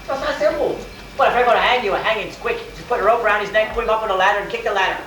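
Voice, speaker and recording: High-voiced man telling medieval tales. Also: fairly even intonation, very fast, pushed and bright. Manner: folksy, rambling, speaks in old-timey rustic grammar; talks straight to listeners and asks them questions. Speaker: costumed medieval storyteller. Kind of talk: first-person historical role-play for an audience. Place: school event crowd area. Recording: echoey camcorder sound from far off with faint noise.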